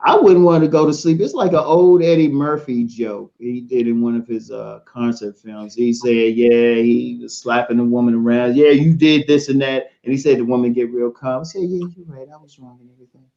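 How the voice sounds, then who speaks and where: A man co-hosting a podcast, animated and quick to laugh, telling stories and chiming in with affirmations. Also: mid-range voice, lo-fi sound. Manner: animated storyteller, laughs often, frequent affirmations. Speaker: podcast co-host. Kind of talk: casual podcast chat.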